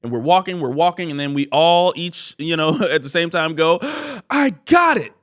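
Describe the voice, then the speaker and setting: A man's voice: a little high, a little fast, clear, resonant tone. A man in his thirties co-hosting a podcast, recapping an episode in casual chat and acting out quoted lines. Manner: animated, acts out quoted lines. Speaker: podcast co-host.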